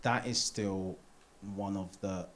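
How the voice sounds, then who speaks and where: On a theatre stage before a live audience, an English man in his thirties performs stand-up with a deep, slow voice. He tells a personal story in an animated way, acting out both the doctor and himself in quotes.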